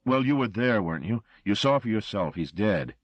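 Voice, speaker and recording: A man's voice: fairly low pitch, sing-song, moderate pace, no room sound, muffled recording, voice pushed up. A man voicing a frightened, blustering male chauffeur who insists and pleads. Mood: insistent.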